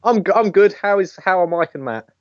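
A man's voice: high-pitched, animated, brisk, dry recording. A man co-hosting a casual podcast, chatty with wry rambling asides. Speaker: podcast co-host. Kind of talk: casual chat. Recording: dry, dull audio.

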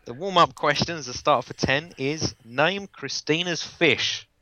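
A man's voice: fairly high pitch, measured pace, sharp tone, no echo, low-quality recording. A man acting as quiz master on a casual podcast, reading out questions and teasing the players in a dry way.

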